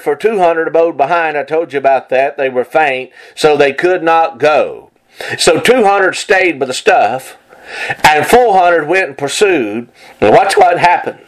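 A man delivers a sermon in a somewhat high voice. He reads scripture aloud, then presses his points home by repeating them. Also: rough recording. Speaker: preacher.

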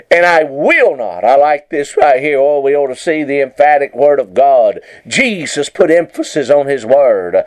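A male preacher delivering a broadcast sermon with fervent conviction. His voice sits a little high for a man and swings widely in pitch as he reads scripture and presses each point home. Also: poor audio. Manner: fervent King James preaching, repeating "watch now".

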